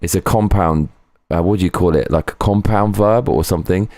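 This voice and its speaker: A man's voice: low-pitched, brisk, a little mellow, no echo. A man streaming live from home, chatting casually, rambling and swearing as he goes. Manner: rambling, swearing, breaks into sung snatches. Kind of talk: casual livestream chat.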